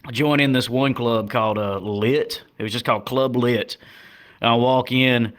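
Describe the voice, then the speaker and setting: A young American man, a comedian guest on a podcast, telling stories in a laid-back, cursing style, jumping into loud high bursts when quoting. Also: steady tone, moderate pace. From United States. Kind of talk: casual storytelling chat.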